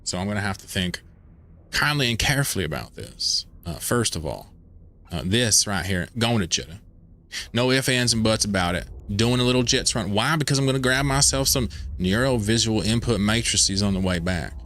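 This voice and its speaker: A man's voice: on the low side, animated, moderate pace, fairly bright tone. A man voicing a swaggering, stubborn Southern redneck with an exaggerated Southern US drawl, folksy and cussing. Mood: ornery.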